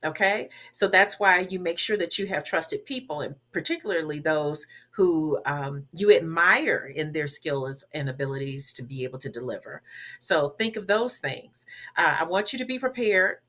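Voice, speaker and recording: Female public speaking coach, faint Southern accent, emphatic and didactic, lower-pitched and bright. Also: expressive, moderate pace. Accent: Southern US, softened. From Southern United States. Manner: emphatic, instructive, repeats key words. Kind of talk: coaching advice in a talk show.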